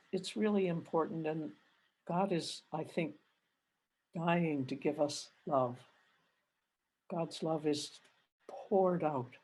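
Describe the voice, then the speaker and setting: An older Canadian woman, a religious sister, giving a gentle reflective retreat talk over a video call and telling personal stories with rising feeling. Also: deep voice, breathy edge. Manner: gentle, reflective, grows animated retelling stories. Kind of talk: spiritual reflection with personal storytelling.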